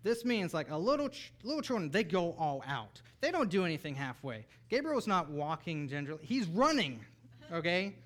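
A man in his thirties delivers a sermon from the pulpit. His voice sits a little high. He moves between quiet, intimate asides and sudden loud, excited bursts. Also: a little fast, few pauses. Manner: animated, rises to near-shouting bursts and drops to soft asides. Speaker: pastor.

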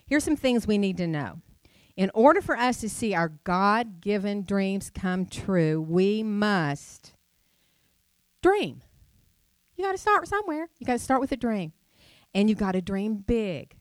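A woman's voice: medium pitch, expressive, a little slow. A middle-aged woman delivers a sermon in a chatty, storytelling way. She asks her listeners rhetorical questions. The sound is dry and close, with no room echo. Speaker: preacher.

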